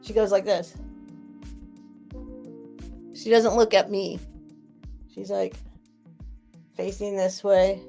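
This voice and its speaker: A woman's voice: medium pitch, flat delivery, takes it slowly, creaky, long pauses, mellow, faint music behind. A woman hosting a live sale stream, rambling in a chatty way and gushing thanks at her viewers.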